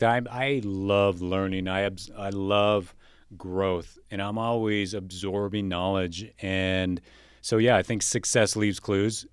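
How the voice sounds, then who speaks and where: A lowish-voiced man from Canada in his forties, talking as a podcast guest. He tells his story with energy and often restarts his sentences and repeats words. The sound is dry and close, with little room around it. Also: clean tone, no echo. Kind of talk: casual interview talk.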